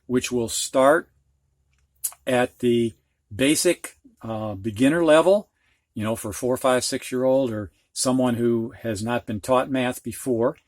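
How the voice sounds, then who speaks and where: Slow, patient male reading teacher. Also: medium pitch, no echo. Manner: patient, spells out letters step by step. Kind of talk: instructional video lesson.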